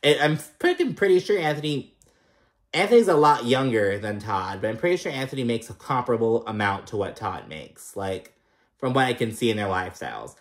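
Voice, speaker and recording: A young man talks through a reality show episode in a loose, unscripted recap. He swears a lot and sounds thoroughly exasperated with the cast. His voice sits at an ordinary middle pitch for a man. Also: expressive, brisk. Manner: profane, exasperated, mimics cast members in higher voices. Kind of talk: casual recap rant.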